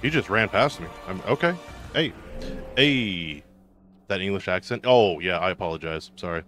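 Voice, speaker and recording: A fairly low-voiced man streams a video game, chatting casually and cracking jokes as he reads out his viewers' messages. Loud game music plays underneath his voice. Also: expressive, fast. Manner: joking, chatty, reacts aloud to the game and reads out chat. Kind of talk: casual gameplay commentary.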